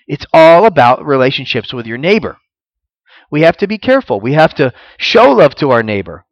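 A man's voice: on the high side, no room sound, poor audio. Earnest man preaching, dry close sound. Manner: earnest teaching, rising with emphasis, reads scripture aloud. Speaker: pastor. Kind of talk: sermon.

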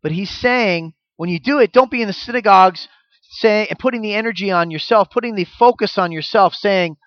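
A man's voice: sits high, a little fast, dry recording, highs cut off. A man preaching a sermon in a conversational, emphatic way.

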